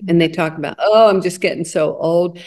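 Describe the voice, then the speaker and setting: Lower-voiced woman sharing lively anecdotes. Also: brisk. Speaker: co-host. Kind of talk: casual chat.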